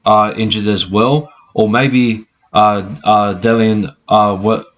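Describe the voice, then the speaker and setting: A man giving a casual rugby league preview, talking haltingly with a stutter and many fillers. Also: on the low side, steady tone, fairly bright tone. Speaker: rugby league fan commentator. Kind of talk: casual pre-match preview.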